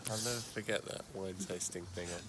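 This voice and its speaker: Man, very low voice, dry jokes, casual dinner talk, loud noisy background. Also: steady tone, fast. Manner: dry joking. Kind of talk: casual chat over dinner. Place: restaurant.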